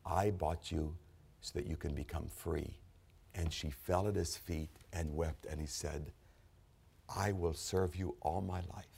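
Male pastor, low gravelly voice, pleading sermon delivery. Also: steady tone, measured pace. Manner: builds from hushed storytelling to shouted, pleading altar call.

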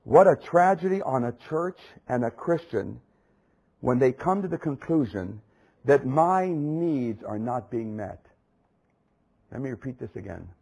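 Husky-voiced male preacher, impassioned. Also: mid-range voice, animated, measured pace, warm tone, rough recording. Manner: impassioned, emphatic repetition. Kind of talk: sermon.

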